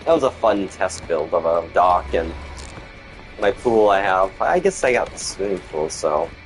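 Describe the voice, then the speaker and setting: A man's voice: low voice, big pitch swings, a little slow, soft background music, low-quality recording. A man chatting casually as he streams gameplay, rambling and grumbling about the game's quirks while he talks to viewers. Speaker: gaming streamer.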